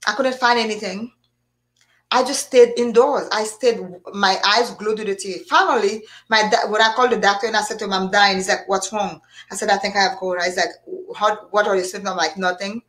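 A woman hosting a live show, chatting casually and telling lively anecdotes. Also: medium pitch, a little fast. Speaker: host. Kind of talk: casual chat.

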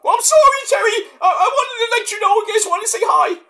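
A man putting on a timid, apologetic male character with a very high squeaky voice. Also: animated, quick pace, sharp tone, heavily acted. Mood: tearful.

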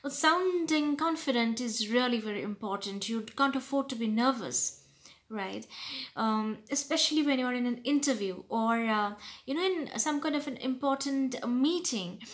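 A woman with an Indian English accent teaches her viewers in a vlog. Her voice sits a little high, and she presses her points firmly, often checking in with short questions. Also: lively intonation, normal speed. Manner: emphatic, coaching tone with frequent "right?" and "okay?" checks. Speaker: vlogger teaching spoken English. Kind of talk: instructional vlog talk.

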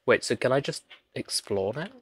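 A man's voice: medium pitch, expressive, moderate pace, fairly bright tone, breathy edge, no echo. A man doing jokey let's-play commentary, pleading with and teasing the characters on screen. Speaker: gaming channel host.

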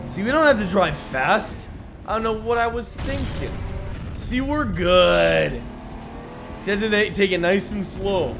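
Excitable high-voiced gaming host. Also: male voice, measured pace, gravelly, music in the background. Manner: excitable, sarcastic, shouts at the game. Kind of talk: let's play commentary.

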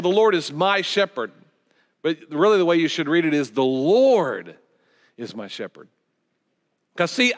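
Middle-aged guy preaching, folksy storytelling, kinda high voice, lots of hall echo. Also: fairly bright tone. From United States. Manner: conversational, folksy storytelling with restarts. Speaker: guest pastor. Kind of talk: sermon. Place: church sanctuary. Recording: long church hall reverb.

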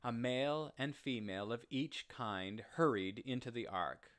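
Guy reading a bedtime-type story, slow and careful, middle pitch. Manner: slow, deliberate and gentle storytelling. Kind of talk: read-aloud story narration.

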